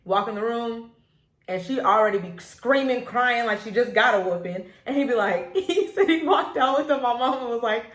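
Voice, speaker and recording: A woman's voice: a little high, normal speed, roomy sound. A young woman, co-hosting a parenting podcast and telling a childhood story with frequent laughter. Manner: animated storyteller, laughs often. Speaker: podcast co-host. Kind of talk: casual chat, storytelling.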